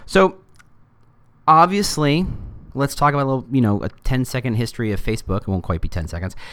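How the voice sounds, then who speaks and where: A middle-aged man hosting a casual solo podcast, talking in an animated way with joking asides and quick put-on voices for quotes. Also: medium pitch, smooth. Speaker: podcast host.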